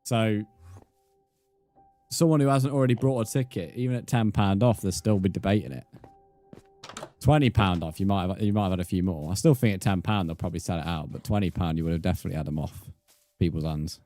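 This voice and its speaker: A young man with a lowish voice talks through a live game stream. He banters with viewers in a blunt, sweary way. Faint game music plays underneath. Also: fairly quick, mellow. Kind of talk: live stream chat while gaming.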